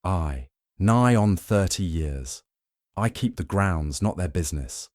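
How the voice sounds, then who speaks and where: Brief: gruff, guarded Yorkshire estate groundskeeper, played by a man, thick Yorkshire accent, dry close sound. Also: low-pitched, lively intonation, slow, a little mellow, dry recording. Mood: wary. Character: wiry weathered male Yorkshire groundskeeper, wary.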